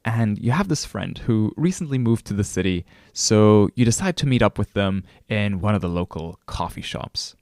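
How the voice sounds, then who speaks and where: A man's voice: lowish voice, expressive, normal speed, few pauses, a little mellow, dry recording, clean studio sound. A male course instructor narrating a recorded lesson, telling a story and speaking straight to the listener. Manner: storytelling, addresses the listener directly.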